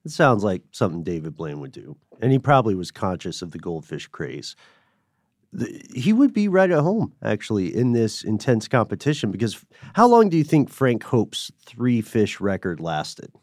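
Wry low-voiced man in casual podcast chat. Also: very animated, normal speed, darkish tone, no echo, studio quality. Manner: wry, joking asides. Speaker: podcast co-host.

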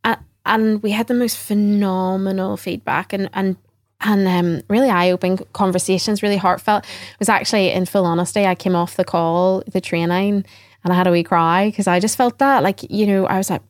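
Her medium-pitched voice keeps fairly even intonation and a moderate pace on a dry, studio-quality recording. Appearing as a podcast guest, this middle-aged former teacher turned trainer reflects earnestly in conversation, frequently repeating what others said to her.

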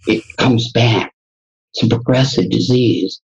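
A man's voice: medium pitch, normal speed, breathy edge, dull audio. A man, a guest educator and entrepreneur, telling a personal story in conversation and acting out the dialogue with animation. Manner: animated storyteller who acts out quoted dialogue.

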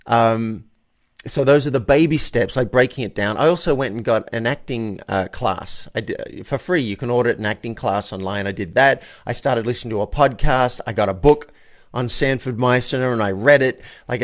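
A man's voice: medium pitch, moderate pace. Male guest, mid-range voice, earnest personal storytelling, restarts a lot. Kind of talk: casual chat.

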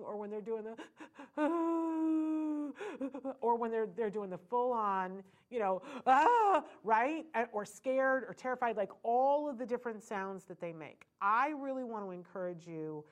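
A middle-aged woman talking earnestly to parents, animated and full of restarts and fillers. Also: medium pitch. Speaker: parent educator speaking to parents. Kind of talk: informal talk to an audience.

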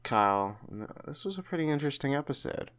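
A man's voice: medium pitch, sing-song, fast, fairly bright tone. A man hosting a podcast, chatting casually and often restarting his sentences. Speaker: podcast host.

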